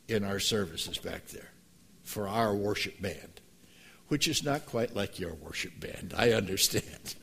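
A pastor preaching a sermon, moving from quiet storytelling to emphatic, passionate preaching. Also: male voice, mid-range voice.

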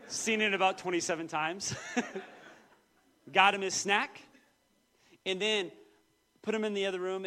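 A man in his thirties preaching a sermon, telling personal stories with lively, acted-out quotes. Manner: animated storytelling, quoting voices with big pitch jumps. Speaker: pastor.

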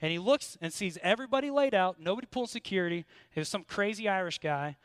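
American male preacher, high voice, close dry sound, earnest storyteller. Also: expressive, fast, fairly bright tone, clear, resonant tone, no room sound. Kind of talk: sermon with personal story.

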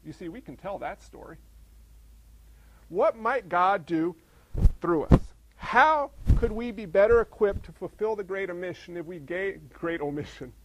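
A male pastor preaching a sermon, full of rhetorical questions and swinging between emphatic and hushed delivery. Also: sits high, lively intonation, a little slow, noisy background.

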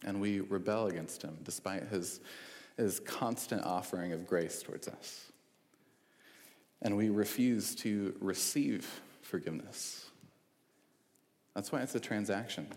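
Low-voiced man preaching in a reverberant hall. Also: a little mellow. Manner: conversational with frequent fillers and restarts. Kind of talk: sermon. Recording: long reverb in a large hall.

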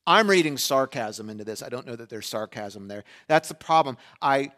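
A man's voice: mid-range voice, expressive, normal speed, a bit bright. A middle-aged man from Pennsylvania preaching a sermon in a conversational way, with sarcastic asides and quoted voices acted out. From Pennsylvania, USA. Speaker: pastor.

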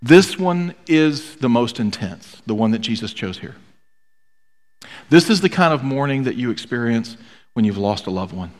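Male pastor, mid-pitched, earnest sermon delivery with repeated emphasis; reverberant church hall. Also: animated, moderate pace. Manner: earnest preaching with emphatic repetition.

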